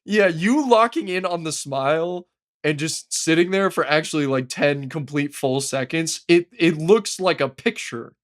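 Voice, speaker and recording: A man's voice: on the high side, a little slow. A young man co-hosting a podcast over a call from home, joking along and chiming in playfully. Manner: playful, chimes in with jokes and agreement. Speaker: podcast co-host. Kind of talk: casual chat.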